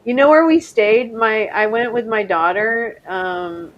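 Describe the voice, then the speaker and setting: A woman's voice: on the high side, unhurried, highs cut off, slight background noise. A middle-aged woman hosting a casual live stream, rambling and chatty, often laughing and trying out French words. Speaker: livestream host.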